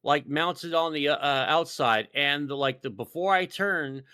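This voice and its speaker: A man's voice: on the high side, unhurried, sharp tone, clean tone, dry recording, clean studio sound. A man from Texas co-hosting a casual podcast, profane and rambling, with lots of fillers and restarts. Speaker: podcast co-host.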